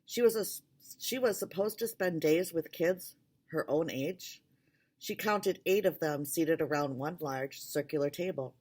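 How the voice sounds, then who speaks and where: A woman reading a children's novel aloud in a steady narrating voice. Her pitch sits low, and she opens with a casual chat before the chapter. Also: unhurried, slightly rough. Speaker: reader.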